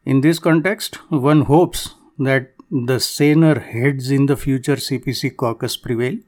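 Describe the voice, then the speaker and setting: A man from Canada delivering a formal, measured political commentary monologue with a dry, wry edge. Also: medium pitch, fairly even intonation, darkish tone.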